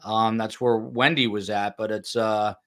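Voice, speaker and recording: A man's voice: lowish voice, steady tone, a little slow, a bit bright. A man hosting a true crime podcast, chatting casually, joking about himself and reading out viewer comments. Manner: chatty, self-deprecating, reads viewer comments. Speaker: podcast host.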